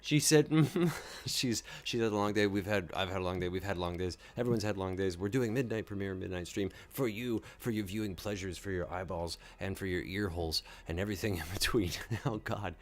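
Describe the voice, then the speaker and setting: A man's voice: low-pitched, fairly quick, hardly any pauses. A man hosting a late-night reaction stream, tired and rambling, joking and laughing at himself as he chats casually. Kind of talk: casual commentary.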